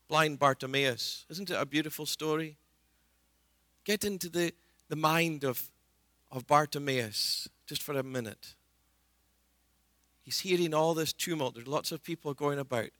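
A man's voice: fairly high pitch, measured pace, pauses often, a bit bright, dry recording. A man preaching a sermon in an earnest way, retelling scripture scenes and voicing the people in them.

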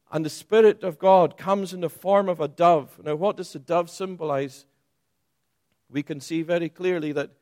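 Male preacher, sermon delivery, slow and emphatic, slightly high voice, dry close sound. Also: no echo. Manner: emphatic, rising for stress and dropping low and soft.

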